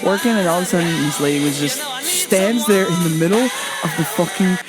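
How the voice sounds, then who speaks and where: A woman's voice: on the low side, a little fast, over loud music. A woman hosting a podcast, telling retail customer stories with blunt, sarcastic, constantly swearing comedy. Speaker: podcast host. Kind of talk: profane comedic storytelling.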